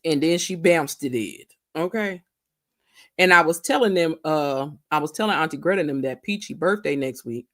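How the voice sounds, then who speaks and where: A woman's voice: low voice, fairly bright tone. A woman hosting a casual livestream chat, greeting viewers by name and stretching her words out. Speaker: livestream host.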